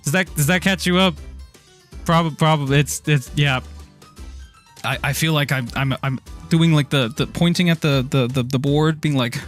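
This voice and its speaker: Man from Ireland, high voice, game streamer, rambling, excitable, swears a lot, faint music underneath. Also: moderate pace. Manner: rambling, excitable, swears often, stumbles over words. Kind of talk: casual live-stream chat while playing.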